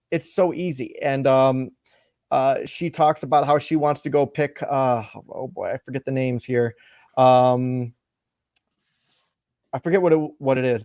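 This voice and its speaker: A man's voice: medium pitch, dry recording. Rambling man recapping comics, dry sound. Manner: rambling, animated retelling with many fillers. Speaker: podcast host.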